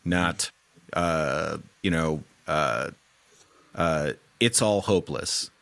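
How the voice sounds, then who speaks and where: A man hosting a podcast interview who speaks haltingly, pausing often to search for words. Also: very deep voice, a bit bright, dry recording. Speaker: podcast host.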